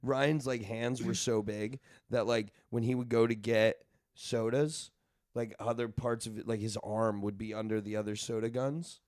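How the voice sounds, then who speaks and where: A young man co-hosting a podcast in a studio. He talks in a laid-back, joking way and laughs easily between stories. His mid-pitched voice sounds dry and close to the mic. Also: steady tone, normal speed, a little mellow, dry recording. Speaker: podcast co-host. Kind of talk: casual storytelling chat. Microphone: studio microphone.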